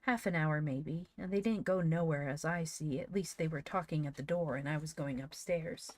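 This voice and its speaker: A woman's voice: low-pitched, moderate pace, no room sound, lightly acted. A woman voicing a careless, offhand housemaid in a storybook reading.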